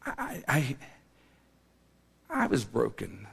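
A male pastor telling a personal story in a sermon, swinging from hushed tones to loud bursts and laughing often. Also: medium pitch, huge pitch swings, very slow, vocal fry, breathy edge. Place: church sanctuary. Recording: church hall reverb.

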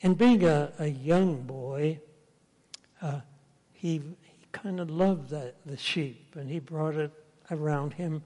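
A man's voice: on the high side, takes it slowly, warm tone. A man preaching a sermon, retelling a story in a folksy way and acting out the characters. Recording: long hall reverb.

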